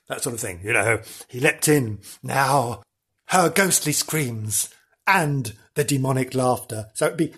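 A man's voice: medium pitch, expressive, measured pace, vocal fry, fairly bright tone, slightly rough. A man hosting a podcast, telling a comic ghost story in a theatrical, hammy way with lots of repetition. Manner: theatrical, hammy, repeats for effect.

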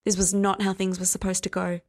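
A woman's voice: mid-range voice, completely flat delivery, brisk, darkish tone. Woman narrating a story steadily. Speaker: audiobook narrator. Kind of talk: scripted narration.

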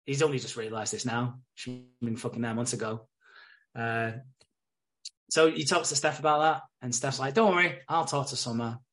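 A man's voice: mid-range voice, normal speed. A British man hosting a podcast, recapping episodes in casual chat, acting out the characters' lines with swearing and frequent laughter. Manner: animated retelling, acts out characters' lines, swears, laughs often.

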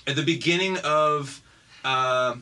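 A man from Baltimore guests on a podcast. His voice is mid-pitched and bright, and he tells stories in a chatty, easygoing way. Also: takes it slowly, smooth. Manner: chatty, laughs often, storytelling. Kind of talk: casual chat.

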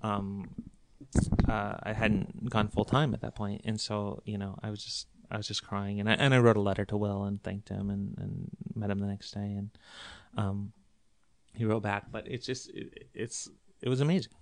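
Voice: deep voice, level tone, normal speed, no echo. Rambling guest comedian, dry close mic. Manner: rambling, self-deprecating, many fillers and restarts. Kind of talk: casual podcast conversation.

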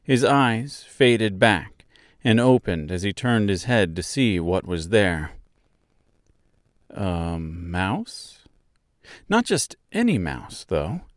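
A man narrating a chapter of a novel in a measured, expressive reading. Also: lowish voice, no echo, studio quality. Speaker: audiobook narrator. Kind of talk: storybook narration.

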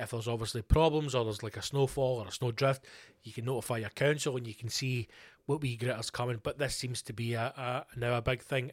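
A Scottish man hosting a solo podcast, chatting casually in a sweary, animated and ranting way. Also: mid-range voice, dry recording, clean studio sound. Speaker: podcast host. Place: home podcast studio.

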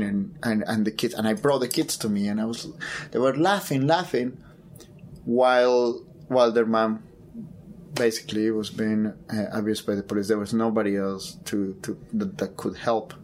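A photographer shares a personal story during an interview in a medium-pitched, steady voice, stopping and repeating words while he looks for the right ones. A little hiss or hum sits under the recording.

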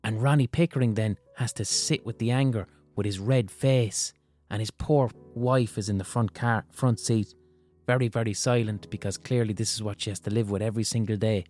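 A man's voice: lowish voice, steady tone, normal speed, a little mellow. Guy doing his solo podcast, blunt and chatty, swears a lot, faint music underneath. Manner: blunt and conversational, swears freely. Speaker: podcast host. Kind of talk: casual solo podcast monologue.

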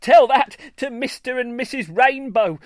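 A man voices a sly storybook unicorn who is forever stirring up trouble. The voice sits high and loud, with a cackling, insistent edge, and the recording is dry and close. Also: unhurried, no echo. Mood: excited shouting. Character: sly, wily, excitable male unicorn.

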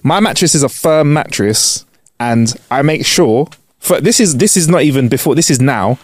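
Co-host: man, slang-heavy easy banter, mid pitch, dry close mic. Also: lively intonation, normal speed, dry recording. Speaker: podcast co-host. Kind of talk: casual chat.

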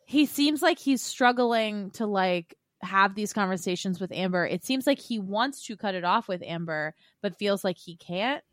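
A woman co-hosting a casual podcast, recapping reality TV in a chatty, animated way and laughing often. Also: mid-range voice, normal speed, hardly any pauses, no room sound, clean studio sound. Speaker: podcast co-host.

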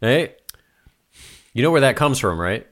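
A man's voice: medium pitch, big pitch swings, measured pace, fairly bright tone. A man co-hosting a casual podcast chat, teasing and offhand and loosely explaining things. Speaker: podcast co-host.

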